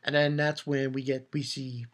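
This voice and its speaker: A man talks through a manga chapter in a loose, rambling way. His voice sits at a middling pitch. He chuckles along and pops up into higher voices when he quotes characters. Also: little pitch movement, normal speed. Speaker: manga reviewer. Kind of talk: casual chapter review.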